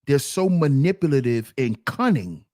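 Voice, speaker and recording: A man's voice: mid-range voice, normal speed, no room sound, clean studio sound. A man hosting his own channel, giving casual commentary on a clip in an emphatic way, often saying "see". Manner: animated, emphatic, repeats "see". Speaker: commentary host.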